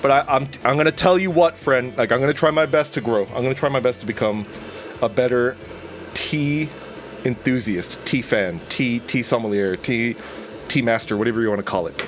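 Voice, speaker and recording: A man's voice: mid-range voice, normal speed, noisy background. A man streaming as a VTuber, chatting casually with viewers in a rambling, self-deprecating way and restarting his sentences often. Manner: chats with viewers, reads out their names. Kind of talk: casual live-stream chat.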